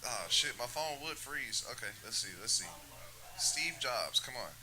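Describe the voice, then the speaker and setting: A man hosting a live comedy show in a club, hyping up comics in a loud, casual, profane way. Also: mid-range voice, expressive, measured pace, a crowd in the background, poor audio. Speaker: host.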